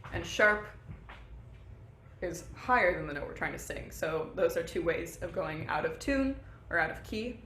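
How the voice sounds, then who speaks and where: A young woman voice teacher giving an online singing lesson, explaining technique in an upbeat way and singing short warm-up demos. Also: lowish voice, echoey room, slight background noise. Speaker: voice instructor.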